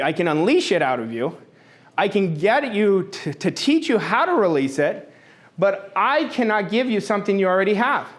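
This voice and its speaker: A middle-aged man giving a motivational talk to an audience, emphatic and blunt, repeating his points and swearing now and then. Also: high voice. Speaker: motivational speaker.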